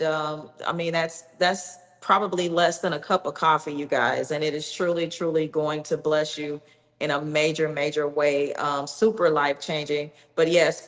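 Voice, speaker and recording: Upbeat woman livestream host, slightly low voice, echoey video-call sound. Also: fairly bright tone. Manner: upbeat, encouraging, salesy. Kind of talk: hosting a live book promotion.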